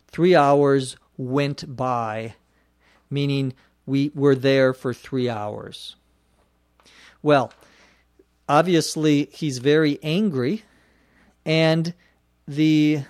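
A man teaching English vocabulary, explaining words slowly and spelling them out letter by letter. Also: mid-range voice, darkish tone, no echo, studio quality. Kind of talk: slow explanatory lesson.

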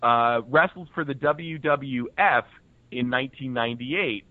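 A man at a mid pitch, calling in to co-host a casual podcast. He chuckles easily and often answers with a brief yes. His voice comes through a thin, dry phone line. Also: unhurried, no echo. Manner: relaxed, chuckling, short agreeing replies. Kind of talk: casual chat.

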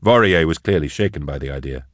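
A man reads fiction aloud in a steady, measured way. His voice is very deep, recorded close and dry in a studio. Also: no room sound. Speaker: audiobook narrator. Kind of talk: scripted fiction narration.

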